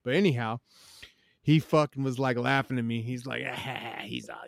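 A man spins casual stories in a loose, profane chat, peppering nearly every line with "bro." His voice sits at an ordinary middle pitch. The sound is close and dry, with no room echo. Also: normal speed, gravelly. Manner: profane, animated, says "bro" constantly.

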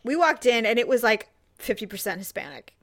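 A woman's voice: fairly high pitch, animated, fairly quick, fairly bright tone. A woman co-hosting a casual chat, telling stories animatedly and laughing often. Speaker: podcast co-host.

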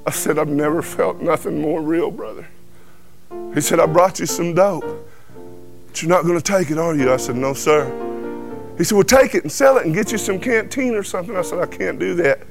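A man with a drawl tells his life testimony in a folksy, animated way, slipping into the voices of the people he quotes. His voice sits a little high for a man. Soft music plays faintly behind him. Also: fairly quick, vocal fry. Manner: animated storyteller who acts out quoted dialogue. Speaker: guest giving testimony. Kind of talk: folksy personal testimony storytelling. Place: truck cab.

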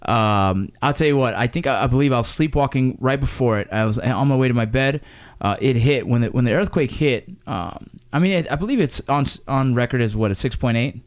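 A man in his thirties from Los Angeles, retelling a memory to his father in casual conversation, fast and animated with frequent restarts. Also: medium pitch, smooth. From Los Angeles, USA. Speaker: son recalling a disaster with his father.

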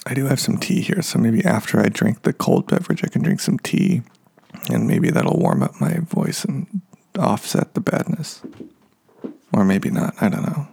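A man's voice: lowish voice, very animated, normal speed, vocal fry, darkish tone, slightly rough. A man in his thirties talking to his podcast listeners in a casual, meandering monologue full of fillers and self-deprecating asides. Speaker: podcast host.

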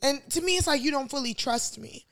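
A woman's voice: sits high, expressive, a little fast, crowd noise. A woman co-hosting a casual chat podcast, giving blunt, opinionated takes. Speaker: podcast co-host.

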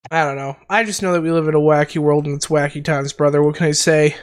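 A man from Canada hosting a podcast in casual chat, high on mushrooms, rambling and giggling with slangy talk. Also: steady tone, quick pace. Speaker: podcast host.

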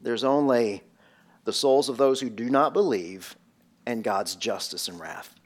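A man's voice: mid-range voice, measured pace. A male pastor preaching a sermon, emphatic and full of rhetorical questions.

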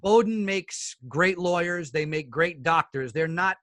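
A middle-aged man with a bright, somewhat high voice tells stories from his broadcasting career, recorded close and dry. He speaks with animation and puts on the voices of the people in his anecdotes. He calls his hosts "fellas.". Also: a little slow, dry recording. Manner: animated storyteller who acts out the other people in his stories. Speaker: guest, sports broadcaster. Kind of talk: casual interview storytelling.

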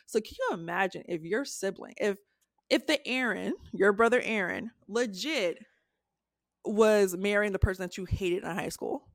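A woman's voice: mid-range voice, moderate pace, vocal fry, no room sound, studio quality. A young adult woman, a podcast co-host, retelling a story in casual chat, acting out quotes in a raised voice and swearing freely.

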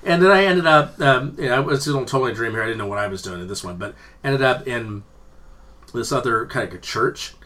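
A man's voice: medium pitch, brisk, sharp tone. A man in casual chat, telling rambling, profane stories with frequent laughter.

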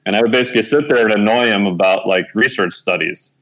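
A man in his forties with a slightly low voice tells a personal story in a loose, chatty way. He fills pauses with "uh" and "you know" and often corrects himself mid-sentence. When he quotes other people, his pitch leaps up as he acts out their lines. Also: poor audio. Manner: animated storyteller who acts out quoted dialogue with lively pitch jumps; conversational, with frequent fillers and self-corrections. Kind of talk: storytelling in an interview.

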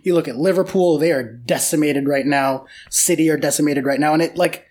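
An American podcast host in casual football chat, talking fast and ranting, swearing freely and filling speech with "like". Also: medium pitch, darkish tone.

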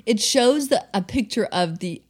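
A woman's voice: a little high, animated, moderate pace. A woman co-hosting a casual podcast with her husband, chatty and teasing. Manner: chatty, teasing, easily amused. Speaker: podcast co-host. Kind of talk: casual chat.

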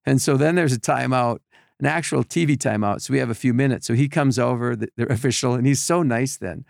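A man telling animated stories in a casual chat, acting out other people's voices with lots of restarts. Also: mid-range voice, a little fast, gravelly, no echo, clean studio sound. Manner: animated storyteller, acts out voices, many restarts. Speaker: podcast guest telling stories.

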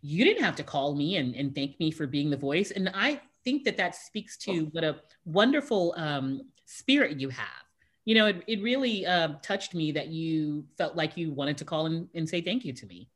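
A woman's voice: low voice, normal speed. A middle-aged woman, a voiceover artist, chatting as a guest and telling a story with lots of fillers and acted-out reactions. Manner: animated storyteller, acts out her own reactions, laughs often. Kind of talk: casual interview chat.

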